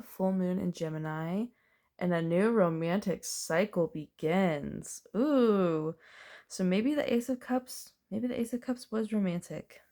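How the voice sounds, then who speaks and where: A tarot reader with a warm, mid-range voice gives a casual, chatty reading. She thinks aloud while turning the cards and laughs now and then.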